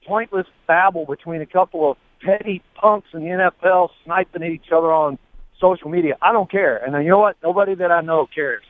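Blunt caller on a phone line. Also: male voice, a little high, no echo. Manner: blunt, opinionated, dismissive. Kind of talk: call-in rant on sports radio.

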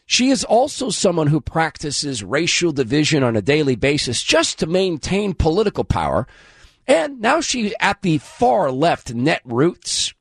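A man's voice: a little high, dry recording. Mocking male host, dry close sound. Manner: mocking, scornful. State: hoarse, losing his voice. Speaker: political commentary host. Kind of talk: sarcastic scripted commentary.

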